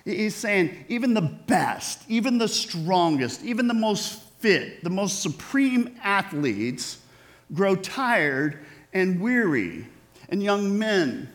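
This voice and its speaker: High-voiced, unhurried male preacher. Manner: conversational, asks the audience questions. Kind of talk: sermon.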